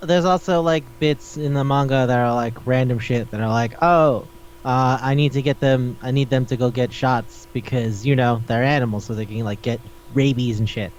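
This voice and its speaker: A man co-hosting a casual podcast about anime and manga. He talks animatedly, swears freely and keeps slipping into quick voices for the characters. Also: mid-range voice, steady tone, a little mellow, slight background noise. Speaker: podcast co-host. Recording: dull lo-fi sound.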